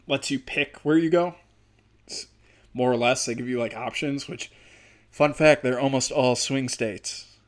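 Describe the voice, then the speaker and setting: Male comic, podcast host, rambling and profane, mild speech impediment, mid-pitched. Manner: rambling, profane, many fillers. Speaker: stand-up comedian and podcast host. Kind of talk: casual podcast monologue.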